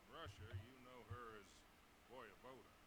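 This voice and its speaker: An actor playing a middle-aged American president in a game cutscene, with an American accent and a measured, formal delivery. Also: male voice, medium pitch, heavy background noise, lightly acted.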